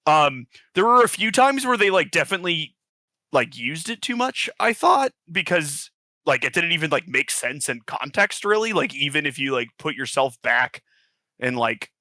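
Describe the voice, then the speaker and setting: A man's voice: a little high, very animated, moderate pace, bright, forceful tone, no echo. A man co-hosting a podcast in casual group chat, reasoning through his views with lots of fillers. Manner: thoughtful, analytical, filler-heavy. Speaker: podcast co-host.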